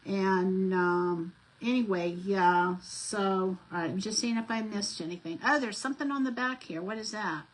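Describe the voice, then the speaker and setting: A woman's voice: mid-range voice, moderate pace, few pauses, low-quality recording. A middle-aged woman, chatting and rambling through stories while she works on a craft vlog, full of fillers and restarts. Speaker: craft vlogger.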